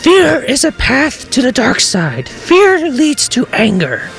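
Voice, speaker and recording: Man doing a croaky ancient Yoda. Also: very high voice, wildly swooping pitch, over music, full character voice. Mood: solemn. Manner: inverted slow croaky phrasing. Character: tiny ancient alien sage, slow and wise. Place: office.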